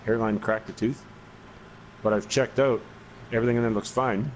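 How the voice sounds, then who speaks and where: A man's voice: mid-range voice, fairly even intonation, moderate pace, slight background noise, poor audio. A man in his forties co-hosting a casual gaming podcast, telling long stories with constant swearing and many restarts. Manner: profane, rambling storyteller. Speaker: podcast co-host. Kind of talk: casual chat while gaming.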